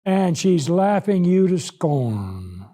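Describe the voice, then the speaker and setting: Preacher guy teaching scripture, high mellow voice, slow and emphatic. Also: very animated. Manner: slow, emphatic, rises loud when voicing God. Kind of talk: sermon, Bible lesson.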